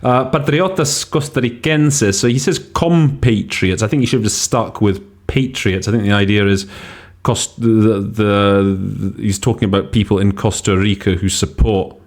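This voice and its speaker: A man's voice: on the low side, normal speed. A man hosting a podcast on interpreting, talking casually and thinking aloud as he weighs English word choices. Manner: thinks aloud, many fillers and restarts. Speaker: podcast host teaching interpreting. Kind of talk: casual explanatory commentary.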